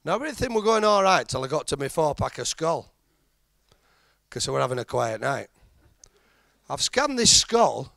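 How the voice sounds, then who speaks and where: Gravelly Yorkshire stand-up comedian. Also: male voice, a little high, normal speed, pauses often, dry recording. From Yorkshire, England. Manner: animated storytelling, acting out characters and machine voices. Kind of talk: stand-up routine. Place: comedy stage before a live audience.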